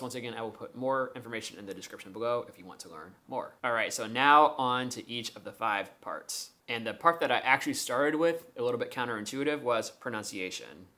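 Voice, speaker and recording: A man's voice: mid-range voice, sharp tone. A man, an English speaker, talking through his language-learning method in a vlog, methodical and explaining step by step with examples.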